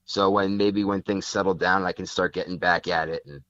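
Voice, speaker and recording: Male podcast guest, lowish voice, rambling and filler-heavy, dull lo-fi dry sound. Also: fairly even intonation, normal speed, a bit bright, dry recording. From Connecticut. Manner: rambling, many fillers and restarts. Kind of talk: casual interview chat.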